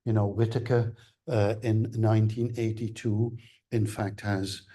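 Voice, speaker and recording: A man giving an academic seminar lecture, explaining things in a measured way. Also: lowish voice, level tone, dark tone.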